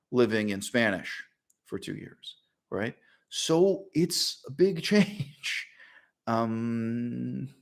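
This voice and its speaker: A middle-aged man hosting his own channel, talking in a casual, opinionated monologue full of asides and short laughs. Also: mid-range voice. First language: English. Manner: animated and opinionated, frequent fillers and laughs. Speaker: channel host.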